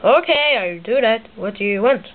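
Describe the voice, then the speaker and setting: A woman's voice: a little high, expressive, normal speed, close to an everyday voice. A woman voicing a sulky, scolding male plumber in broken English, heard over a tinny, hissy line. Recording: tinny lo-fi with loud hiss.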